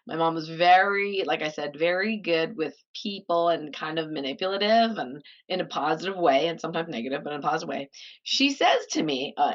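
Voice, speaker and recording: Middle-aged woman from Canada, lively storyteller, a bit low-pitched, muffled lo-fi recording. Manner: animated, laughs often, acts out quoted voices. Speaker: guest. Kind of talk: casual storytelling interview. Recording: slightly dull lo-fi audio.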